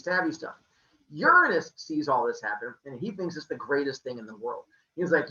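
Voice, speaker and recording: A man tells an old myth as a casual, joking story, his voice swooping and animated. His tone is bright and forceful. The recording sounds dull and lo-fi. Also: fairly high pitch, a little fast, reverberant. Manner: jokey, playful, full of sound effects. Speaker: podcast storyteller.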